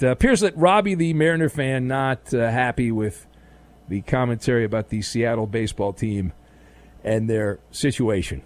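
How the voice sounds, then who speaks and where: A man's voice: mid-range voice, moderate pace, darkish tone, no room sound. A man hosting a sports talk radio show, playful and teasing, with bursts of mock outrage, speaking into a studio microphone.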